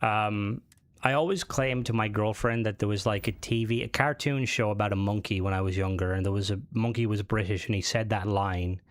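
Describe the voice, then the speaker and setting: A man's voice: lowish voice, brisk, no room sound. Rambling man with an Americanized Irish accent. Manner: casual, rambling, swears freely, chats with viewers. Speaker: game streamer. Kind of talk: live gameplay commentary.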